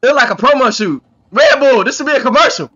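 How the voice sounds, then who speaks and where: A man hosting a reaction video, with excitable, exclamatory commentary full of profane slang. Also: very high voice, quick pace, muffled recording.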